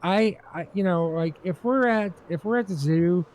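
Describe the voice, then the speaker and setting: A man telling a story in casual podcast chat, halting and full of restarts and fillers, and animated when he acts out quotes. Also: sits high, a little hiss or hum. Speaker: regular co-host telling a story.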